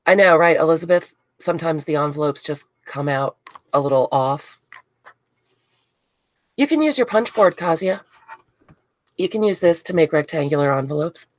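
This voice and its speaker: A woman with a low, stuffy, congested voice chats through a live crafting session. She greets viewers by name and gushes over pretty things as she unboxes them. The sound is close and dry, with no room around it. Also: moderate pace, long pauses, dry recording. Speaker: crafting livestream host. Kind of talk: casual live chat while crafting.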